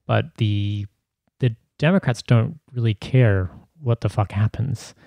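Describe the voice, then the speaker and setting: A man's voice: fairly low pitch, measured pace, gravelly, mellow, no room sound. A man co-hosting a podcast in casual comedic chat, sarcastic and profane, with hesitant restarts. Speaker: podcast co-host.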